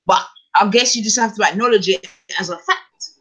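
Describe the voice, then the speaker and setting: Man, podcast co-host, thinks out loud, keeps asking if you follow. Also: high-pitched, brisk, husky. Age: adult with children. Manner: musing aloud, keeps checking the listener follows. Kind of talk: casual chat.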